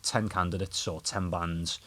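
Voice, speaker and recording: A young adult man with a Scouse accent, a guest guitarist telling animated stories, laughing and swearing often in casual podcast chat. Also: deep voice, a little slow. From Liverpool, England.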